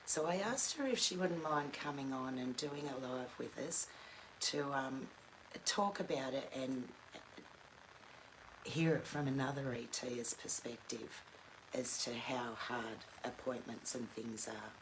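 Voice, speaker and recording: Middle-aged woman host, very deep voice, halting casual chat, noisy home room. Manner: hesitant, with fillers. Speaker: live stream host, mother.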